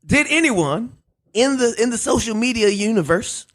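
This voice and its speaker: A man's voice: very high voice, animated, moderate pace, a bit bright. A man hosting a podcast, joking and laughing through casual banter. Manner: joking, laughing often, stretches words for effect. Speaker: podcast host.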